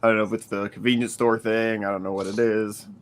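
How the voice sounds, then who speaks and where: Rambling man with a lower voice. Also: little pitch movement, fast. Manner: rambling, heavy use of "like", laughs often. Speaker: podcast co-host. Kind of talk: casual chat.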